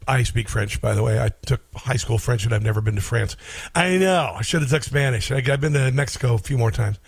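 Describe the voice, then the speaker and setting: A man's voice: medium pitch, brisk, vocal fry, slightly rough, dry recording. A middle-aged man hosting a radio call-in show, chatty and storytelling with mocking asides. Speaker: radio talk show host. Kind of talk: casual call-in show chat.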